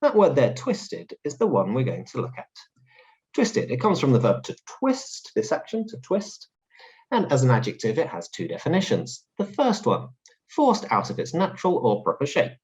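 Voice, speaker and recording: A man hosts a lesson, explaining words clearly and cheerfully. His voice rises and falls in a very lively way. The recording sounds a little dull and lo-fi. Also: medium pitch, normal speed. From London. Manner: clear, explanatory, upbeat teaching tone. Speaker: English teacher host. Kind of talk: English vocabulary lesson.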